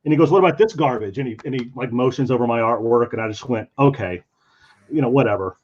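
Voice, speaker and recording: A man's voice: mid-range voice, fast talker. Man telling a convention story. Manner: animated, acts out quoted voices. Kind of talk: casual storytelling while drawing. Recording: dull lo-fi stream audio.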